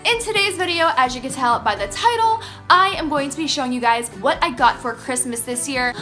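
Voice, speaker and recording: A young woman vlogging, gushing and gasping with excitement as she talks to her viewers. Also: sits high, moderate pace, faint music behind. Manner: gushing, gasping, easily thrilled. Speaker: beauty vlogger. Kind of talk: excited casual vlog talk.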